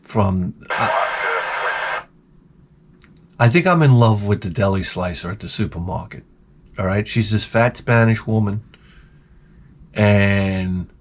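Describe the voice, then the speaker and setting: Animated, profane man telling stories. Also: lowish voice. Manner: animated, profane, self-mocking. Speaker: host. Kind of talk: casual storytelling monologue.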